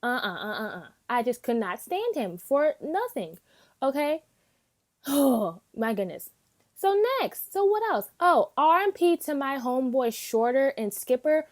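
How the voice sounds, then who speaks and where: A woman reviewing an anime in a casual, unscripted rant, animated and emphatic, swearing often and acting out her reactions in quick bursts. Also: high-pitched.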